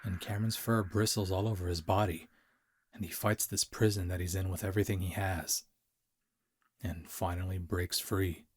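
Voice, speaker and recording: A man narrating a story as an amateur audiobook reader, in a steady, deliberate way. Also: sits low, breathy edge.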